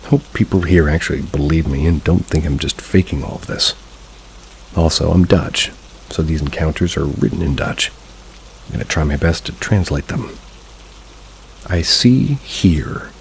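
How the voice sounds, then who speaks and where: A man narrating scary reader-submitted stories in an even, measured reading. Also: a bass voice, a little hiss or hum, rough recording. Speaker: horror story narrator.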